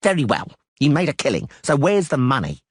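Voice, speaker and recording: A fuming little halfling merchant, raised in pitch and swinging from slow outrage to sudden bursts, as a man reads him. The voice is husky and dry, close to the mic. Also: wildly swooping pitch, no room sound. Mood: angry. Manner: exasperated, shouting. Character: hot-tempered male halfling merchant.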